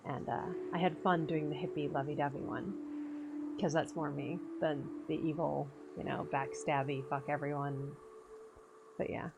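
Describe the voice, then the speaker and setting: A woman's voice: deep voice, fairly even intonation, a little slow, vocal fry, very noisy. A woman streamer chatting casually over gameplay, laughing often and swearing freely. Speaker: game streamer.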